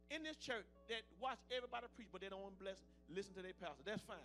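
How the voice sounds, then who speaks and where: Fiery high-voiced preacher with church music. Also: male voice, fairly even intonation, quick pace. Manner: fiery preaching, swinging between shouts and low murmurs. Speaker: pastor. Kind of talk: sermon.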